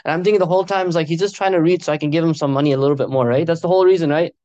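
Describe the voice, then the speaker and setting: Fast-talking preacher man, dull dry sound. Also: on the high side, warm tone, no room sound. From America. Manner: conversational, peppers speech with Arabic phrases and "right?". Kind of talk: informal sermon with storytelling.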